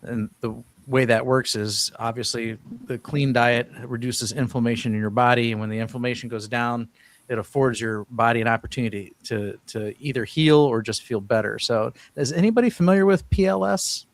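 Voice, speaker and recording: A man's voice: mid-range voice, moderate pace. A man hosting a casual live-stream chat, rambling a little, restarting phrases and reading viewers' questions aloud. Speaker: host.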